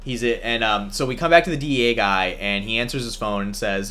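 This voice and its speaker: A man hosting a podcast, casually recapping an action movie with animated storytelling and frequent laughs. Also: on the low side, quick pace, few pauses. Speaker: podcast host.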